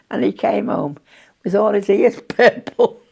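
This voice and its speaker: A woman's voice: medium pitch, slow pace, gravelly, darkish tone, breathy edge. A woman, chatting as she recalls wartime memories in an interview and laughing often. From Birkenhead, England. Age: 80s.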